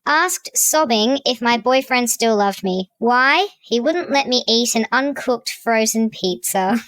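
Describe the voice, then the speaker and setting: A woman reading out short submissions in a flat, deadpan way. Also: medium pitch, measured pace, no echo, rough recording.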